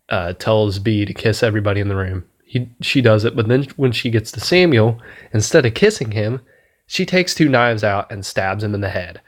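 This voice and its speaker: A man giving a casual spoken movie review, rambling and swearing enthusiastically as he retells scenes. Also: on the low side. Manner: rambling, profane, enthusiastic, laughs at his own retelling.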